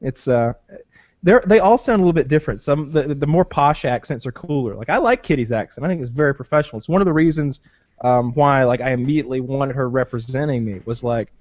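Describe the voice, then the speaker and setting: A man's voice: mid-range voice, expressive, fast talker, darkish tone, dry recording. A man hosting a podcast in casual chat, rambling and swearing with many fillers. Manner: rambling, profane, full of "like" fillers. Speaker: podcast host. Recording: dull dry lo-fi podcast audio.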